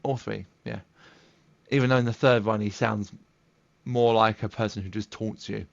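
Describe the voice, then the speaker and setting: A man's voice: on the low side, steady tone, normal speed, creaky, no echo. A man on a gaming podcast who keeps asking curious follow-up questions and nodding along. His voice comes through a muffled, lo-fi mic with a dry, dead sound and no room around it. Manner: inquisitive, chimes in with questions and agreement. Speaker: podcast co-host. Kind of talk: casual gaming podcast chat.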